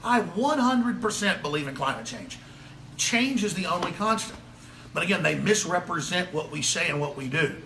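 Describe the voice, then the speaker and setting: A man's voice: sits high, lively intonation, sharp tone, reverberant, a little hiss or hum. A man with a Texan accent delivering a heated, sarcastic political monologue as a talk show host. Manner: rapid-fire, sarcastic, indignant.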